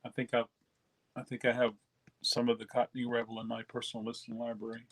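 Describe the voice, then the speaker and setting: A man chats casually as he hosts a live stream about records. He rambles in a relaxed way, full of fillers and restarts, and faint clicking sounds come in behind him. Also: mid-range voice, fast talker. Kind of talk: casual live-stream chat reading viewer comments.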